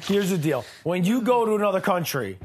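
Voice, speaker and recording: A man's voice: high-pitched, very animated, fairly quick, slightly rough. A young man on a reality show, arguing insistently in casual chat and swearing now and then. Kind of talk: casual argument.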